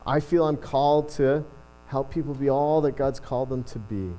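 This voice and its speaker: A man's voice: mid-range voice, normal speed, dark tone, rough recording. A middle-aged male pastor giving a casual, self-deprecating sermon, often restarting his sentences. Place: church.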